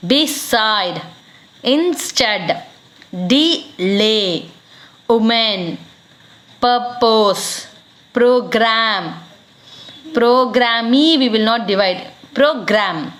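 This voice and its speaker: Slow-paced Indian woman teacher. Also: fairly high pitch, a bit bright. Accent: Indian English. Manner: slow, drawn-out word-by-word dictation to children. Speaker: school English teacher. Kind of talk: classroom lesson.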